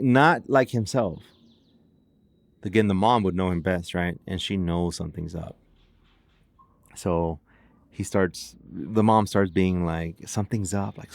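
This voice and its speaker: This podcast host speaks in a low, creaky voice with no room sound. He narrates a case casually and chattily, leaning on lots of "like"s and often restarting his sentences.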